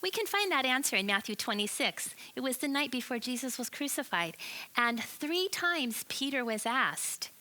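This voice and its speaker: A woman telling a Bible story to children as a church lesson, animated and expressive, asking her listeners questions. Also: high voice, normal speed. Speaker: children's ministry teacher.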